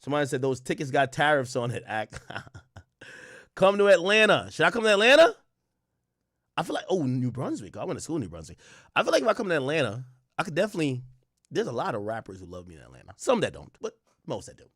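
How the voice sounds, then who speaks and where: A young man hosting a livestream, casually reading his chat and shouting out cities in a loose, profane way. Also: fairly high pitch, huge pitch swings, brisk, pauses often, no echo, studio quality. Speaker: livestream host. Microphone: desk mic close up.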